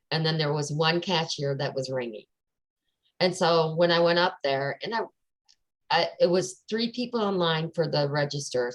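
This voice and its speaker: A woman with a fairly low voice chats casually with a friend. She tells a personal story with animation and acts out the dialogue as she goes. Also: poor audio.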